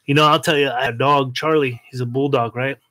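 A man's voice: mid-range voice, steady tone, fast talker, bright, forceful tone. A man telling stories as a podcast co-host, emphatic and heavy on swearing. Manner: profane, emphatic, says dude a lot. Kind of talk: casual storytelling chat.

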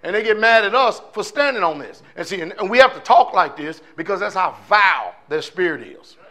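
A man's voice: high voice, lively intonation, fairly quick, sharp tone. A male pastor preaching a sermon in a fiery, conversational way, firing off rhetorical questions to his congregation.

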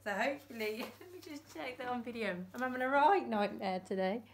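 A woman's voice: on the high side, expressive, fairly quick, recorded from a distance, slight background noise. A woman, a class teacher, reading a storybook aloud and chatting to her pupils between passages. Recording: roomy echo.

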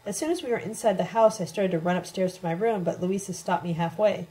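Woman reading a novel aloud, mellow. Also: on the low side, brisk, hardly any pauses, low-quality recording. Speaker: audiobook narrator. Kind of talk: first-person novel reading.

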